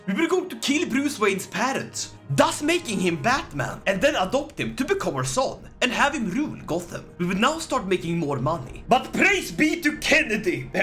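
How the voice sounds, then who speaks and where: A gaming channel host narrating a strategy game playthrough in a playful, jokey way. The voice is bright and swoops up and down a lot, with faint music underneath. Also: medium pitch. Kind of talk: scripted gameplay narration with jokes.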